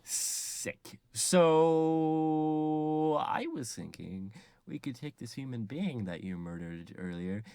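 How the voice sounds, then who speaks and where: A man putting on a flirty, scheming woman pie-shop owner in a flat, sarcastic parody voice. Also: mid-range voice, slow pace, clear, resonant tone, no room sound, studio quality.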